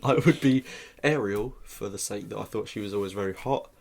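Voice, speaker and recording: A young man with a cold co-hosting a casual podcast, joking in a deadpan, mock-gloomy way. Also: lowish voice, fairly quick, creaky, very noisy. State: has a cold, congested. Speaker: podcast co-host. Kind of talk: casual chat.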